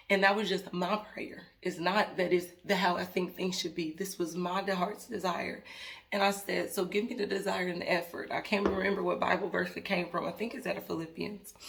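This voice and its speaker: Talking to camera in a casual, earnest manner, a woman vlogger rambles and often restarts as she addresses her viewers directly. Her voice is on the low side and creaky.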